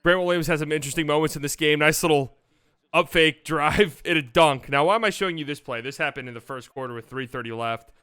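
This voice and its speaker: Bright-voiced excitable basketball commentator man. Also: on the high side, fast talker, smooth. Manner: excitable, swears freely, shifts into mock voices. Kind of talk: casual game breakdown over highlights.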